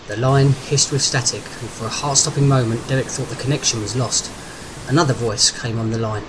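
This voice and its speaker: A man's voice: medium pitch, steady tone, normal speed. Man reading a story over hiss. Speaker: narrator. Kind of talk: audiobook narration. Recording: noisy background hiss.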